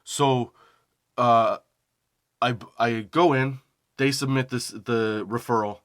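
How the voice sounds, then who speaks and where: A man's voice: mid-range voice, takes it slowly. A young man hosting a comedy podcast, telling a rambling, profane personal story and often laughing at himself. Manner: animated quoting of phone calls. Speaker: podcast host.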